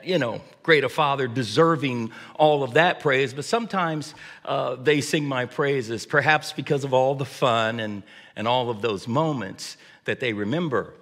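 A man's voice: on the high side, a bit bright. A middle-aged man preaching a sermon as a pastor, telling family stories with humor and frequent fillers like "uh" and "um.". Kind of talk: sermon with storytelling. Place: church sanctuary. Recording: long hall reverb.

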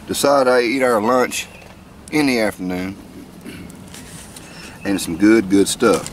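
This man, slow-speaking and low-voiced, presents the food from his campout to the camera at an outdoor campsite. His folksy, joking narration carries a little hiss or hum.

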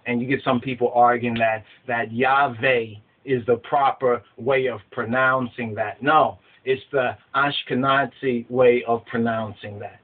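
A man's voice: mid-range voice, steady tone, a little slow, few pauses. Emphatic man teaching over a tinny line. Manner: emphatic, rhetorical questions, repeats phrases. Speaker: religious teacher. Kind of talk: spiritual teaching talk. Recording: phone-like narrow sound.

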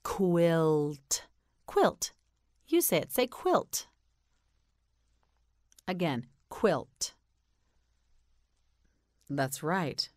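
A woman with an American accent teaching English pronunciation, slowly enunciating and repeating words for learners to say back. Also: lowish voice, wildly swooping pitch, dry recording, studio quality. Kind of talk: slow drilled vocabulary lesson.

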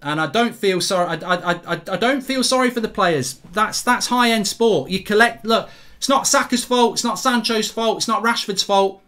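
Football host, middle-aged, ranting reaction, bright forceful tone. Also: male voice, sits high, moderate pace. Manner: swearing, ranting, repeats himself. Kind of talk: live reaction commentary.

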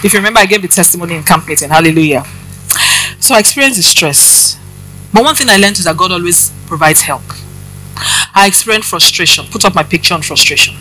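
A woman's voice: fairly low pitch, animated, fast, bright, forceful tone, faint music behind, poor audio. A woman preaching, giving a personal testimony and addressing the congregation directly with questions.

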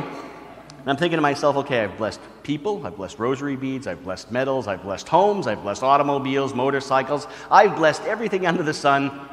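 A middle-aged male priest tells stories at a retreat, acting out the people in them with lively, playful voices. His voice sits in an ordinary middle register. It carries the long reverb of a large church. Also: medium pitch, a little fast, slight background noise. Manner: animated storyteller, acts out voices. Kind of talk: retreat talk with storytelling.

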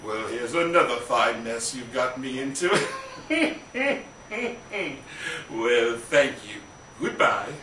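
A coy, fussy old-time film comedian. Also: male voice, mid-range voice, sing-song, slow, pauses often, sharp tone, slight background noise, voice pushed down, full character voice. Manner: coy, giggling, fussy politeness. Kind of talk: stand-up impression. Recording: roomy stage sound from far off.

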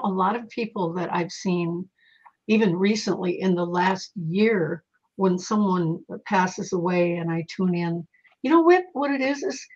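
A woman guest speaking as a psychic, telling lively stories in casual conversation and acting out the voices in them. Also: medium pitch. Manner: animated, quotes voices in her stories. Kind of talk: conversational storytelling. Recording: muffled lo-fi audio.

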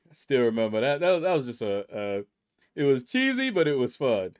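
A man's voice: mid-range voice, big pitch swings, normal speed. A man hosting a gaming channel, chatting casually with rambling asides as he reads through a leaderboard. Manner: laid-back and rambling, with many asides. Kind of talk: casual commentary reading a leaderboard.

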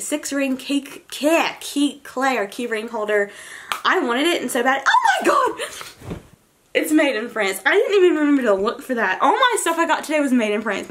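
Gushing young woman rattling through a haul. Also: a little high. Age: young adult. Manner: gushing, excited, rambling with many likes and fillers. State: college freshman. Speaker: beauty vlogger. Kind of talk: casual haul vlog.

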